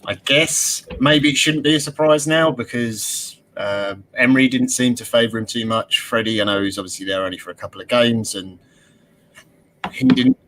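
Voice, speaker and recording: A man giving measured analysis as a podcast co-host. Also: mid-range voice, fairly bright tone, poor audio. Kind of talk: casual football podcast chat.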